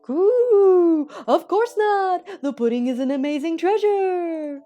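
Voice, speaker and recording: A woman voicing a pompous pigeon who thinks he is the god of pudding, squawking and shouting bombastic proclamations. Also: lively intonation, slow pace, faint music behind, exaggerated voice. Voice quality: shrill cooing squawks.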